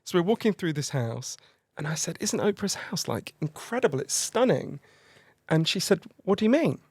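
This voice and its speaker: A man telling a long funny story as a podcast guest, excitable and laughing as he goes. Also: a little high, moderate pace, breathy edge, no room sound, clean studio sound. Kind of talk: animated anecdote telling.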